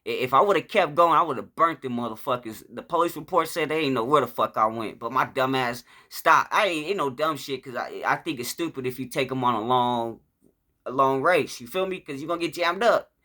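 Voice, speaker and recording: A man's voice: mid-range voice, brisk. A man casually telling a story from his own life, profane and rambling, with a lot of restarts. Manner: profane, rambling, acts out shouts and quotes.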